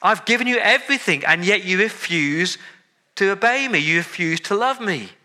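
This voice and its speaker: A man putting on the voice of an exasperated God who is fed up with ungrateful people, speaking loudly and curtly. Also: sits high, animated, normal speed, voice pushed up, exaggerated voice. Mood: indignant. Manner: loud, curt, indignant.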